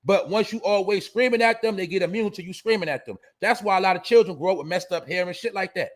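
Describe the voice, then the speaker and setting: A man lectures his audience in a casual, profane monologue. His voice sits high for a man, and he talks bluntly and preachily. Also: quick pace. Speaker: show host.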